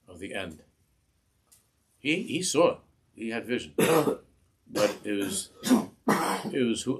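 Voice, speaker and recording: A husky, fairly low-voiced man teaches a Torah class in a synagogue. He speaks passion, circles back over his words and stretches out the phrases he quotes. His voice sits on the low side and carries a grainy, breathy edge. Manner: impassioned, repeats and restarts words, slows on quoted phrases. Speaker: rabbi giving a Torah class.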